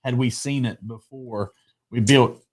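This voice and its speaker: A man's voice: mid-range voice, steady tone, a little slow. A man hosting a casual talk show, chatty, often restarting and repeating his words. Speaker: podcast host. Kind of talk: casual chat.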